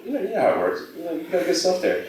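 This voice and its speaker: A man's voice: high voice, wildly swooping pitch, rapid-fire, crowd noise. A man doing a rambling, self-deprecating open-mic stand-up set, slipping into quoted voices. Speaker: stand-up comic. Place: small bar stage. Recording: roomy bar audio from a distant mic.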